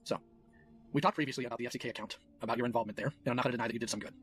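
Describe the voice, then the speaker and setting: A man in a recorded conversation, questioning someone in a measured, formal and pointed way. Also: mid-range voice, steady tone, fairly bright tone, soft background music.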